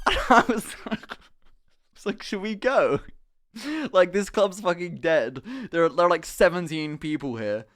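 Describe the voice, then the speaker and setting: Animated young man telling a story. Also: high voice, normal speed. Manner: animated, swears freely, laughs often. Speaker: streamer. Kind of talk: casual storytelling on stream.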